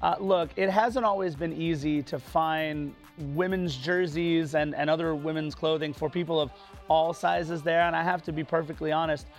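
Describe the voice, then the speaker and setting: A man's voice: on the high side, steady tone, moderate pace, faint music behind. A man co-hosting a soccer talk show, earnestly thanking people. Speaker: co-host. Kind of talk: casual sports chat.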